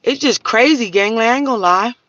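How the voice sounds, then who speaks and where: High, bright-voiced woman ranting profanely. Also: fairly quick, no echo, dull audio. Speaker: livestream host. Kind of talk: ranting live stream.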